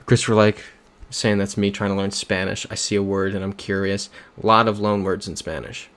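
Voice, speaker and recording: A man's voice: lowish voice, flat delivery, fairly quick, fairly bright tone. A young man chatting casually on a livestream while playing a geography game. He rambles through stories and reads viewer comments aloud.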